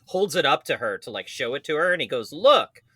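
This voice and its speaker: Bright, animated storytelling man. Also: mid-range voice, fast, slightly rough, dry recording, studio quality. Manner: animated storyteller, laughing, swearing. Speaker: podcast co-host. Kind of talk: casual podcast chat.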